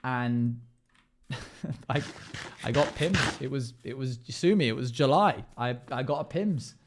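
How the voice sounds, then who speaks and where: A man's voice: mid-range voice, measured pace, noisy background. A man chatting casually with his live stream viewers, playful and joking with frequent laughter. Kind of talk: casual livestream chat.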